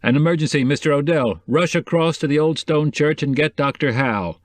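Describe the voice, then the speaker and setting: A man voicing a calm, kindly middle-aged male newspaperman who speaks in a reassuring way. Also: on the high side, normal speed, no echo, voice pushed up, lightly acted. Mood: concerned.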